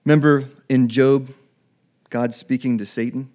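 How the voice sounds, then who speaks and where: A man preaching a sermon in a conversational way, acting out Bible dialogue in quick everyday voices. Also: medium pitch, steady tone, a little mellow. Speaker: pastor.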